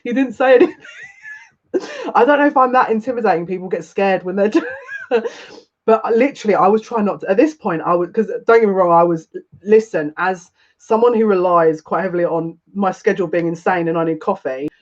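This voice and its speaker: A woman talks casually through a live stream reading, rambling from one aside to the next and laughing as she goes. Her voice sits at a middling pitch and comes through dull and lo-fi. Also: brisk. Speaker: psychic reader.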